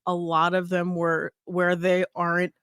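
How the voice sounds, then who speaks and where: A woman co-hosting a casual podcast chat, animated and laughing often, her voice shooting up high when she argues. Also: unhurried, clear, resonant tone, no room sound, studio quality. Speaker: podcast co-host.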